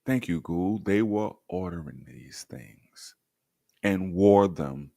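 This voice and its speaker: A man's voice: deep voice, big pitch swings, slow pace, pauses often, fairly bright tone, dry recording, studio quality. A man hosting a livestream, reading old documents aloud and commenting sardonically, talking straight to his viewers. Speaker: livestream host.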